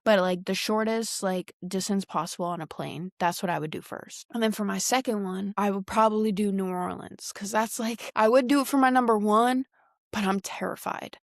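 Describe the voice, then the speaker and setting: A young woman, chatting on her own podcast. Her voice has a gravelly, fry-laced texture, and it sounds dry and close to the mic. She rambles loosely in slang, with fillers scattered all through. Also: mid-range voice, steady tone, moderate pace, no room sound. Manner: rambling, slangy, heavy use of "like". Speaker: podcast host. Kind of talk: casual solo podcast chat.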